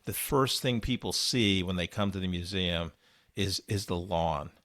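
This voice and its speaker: A man with a low voice talks through a podcast recap in loose, casual chat. He rambles and restarts often, and he fills gaps with "you know". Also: measured pace, fairly bright tone. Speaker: podcast co-host.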